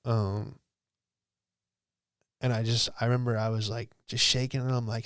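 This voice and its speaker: A man's voice: medium pitch, level tone, moderate pace, pauses often, a bit bright, clean tone, no room sound, clean studio sound. A man in his late twenties from Virginia, hosting a podcast and telling a story in a loose, casual way, swearing freely and saying "dude" and "like" a lot. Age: late 20s. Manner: laid-back, swears freely, peppered with "dude" and "like". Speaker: podcast host.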